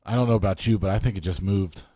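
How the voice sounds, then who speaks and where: A man's voice: sits low, fast talker, mellow, dry recording. A man co-hosting a casual podcast, blunt and emphatic with crude language. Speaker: podcast co-host.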